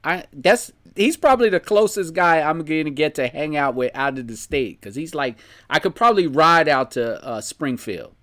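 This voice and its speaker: A man hosting a podcast in relaxed casual chat, rambling and laughing often. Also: fairly high pitch, normal speed, few pauses. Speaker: podcast host.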